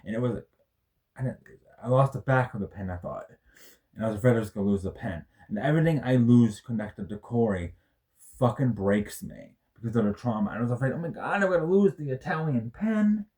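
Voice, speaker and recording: A man's voice: on the low side, fairly quick, dark tone. A man in his thirties telling a personal story in a rambling, self-correcting way, swearing often. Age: 30s. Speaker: vlogger. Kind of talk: personal vlog, emotional storytelling.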